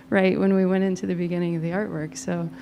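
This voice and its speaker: A woman's voice: lowish voice, little pitch movement, a little fast, vocal fry, mellow, a little hiss or hum. Reflective woman in a reverberant gallery. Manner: thoughtful, trails off, casual fillers. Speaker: panel artist. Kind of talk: reflective panel discussion. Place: gallery panel. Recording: hall reverb with faint ambience.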